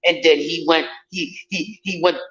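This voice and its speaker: Animated, profane man ranting. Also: a little high, moderate pace. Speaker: vlogger. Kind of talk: casual rant to viewers. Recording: dull lo-fi audio.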